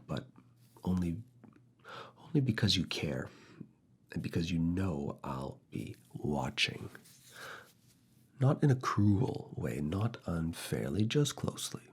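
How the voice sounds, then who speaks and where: A man voicing a strict, teasing male university professor in a slow, soft, deliberate whispered role-play. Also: extremely low pitch, gravelly, slightly rough, heavily acted. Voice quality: soft, hushed, often whispered. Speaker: ASMR roleplay creator.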